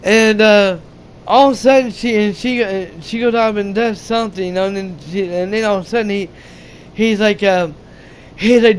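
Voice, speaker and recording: A man retelling a movie's plot in a casual, halting, profane way, often restarting his sentences. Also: high-pitched, steady tone, slight background noise. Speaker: gaming channel host.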